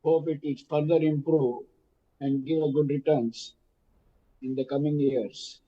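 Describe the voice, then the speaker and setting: An Indian man speaking as a shareholder over a video call, making measured, formal suggestions. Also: on the high side, steady tone, breathy edge. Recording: dull lo-fi call audio.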